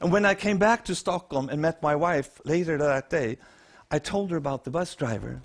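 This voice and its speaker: A man's voice: on the high side, normal speed. Swedish man telling a story on stage. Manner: lively anecdotal storytelling with acted quotes. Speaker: keynote speaker. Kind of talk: storytelling talk to an audience.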